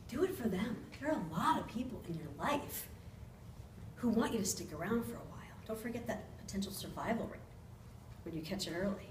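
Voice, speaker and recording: A woman in her forties delivers a persuasive speech in a meeting room, earnest and personal, laughing at herself now and then. Her voice carries from a distance through a roomy, echoing space. A faint hiss sits under the recording. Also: medium pitch. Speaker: club speaker.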